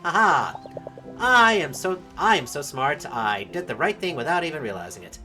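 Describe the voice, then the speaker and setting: A woman talks through a game as she plays it, chatty and quick to laugh at herself. Her voice sits lowish but jumps around in pitch, and she hums between lines. It has the loose feel of let's play commentary. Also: very animated, pushed and bright, faint music behind. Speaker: game streamer.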